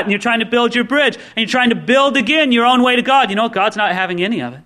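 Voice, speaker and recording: High-voiced male pastor preaching. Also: fast, few pauses. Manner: lively storytelling, acting out quoted voices; asks the listeners direct questions. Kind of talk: sermon.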